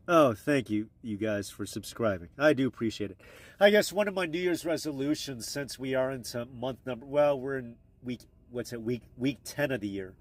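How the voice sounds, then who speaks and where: A man rambling casually and crudely on a live stream, talking into his phone. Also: mid-range voice. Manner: crude, meandering, offhand.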